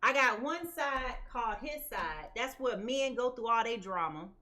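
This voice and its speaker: A woman tarot reader talking in an animated, emphatic, chatty way, checking in with listeners as she goes. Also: on the high side, normal speed. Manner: animated and emphatic, keeps asking listeners "okay?"; chatty and colloquial, addresses viewers as "y'all". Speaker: tarot reader and channel host. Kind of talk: casual commentary before a tarot reading.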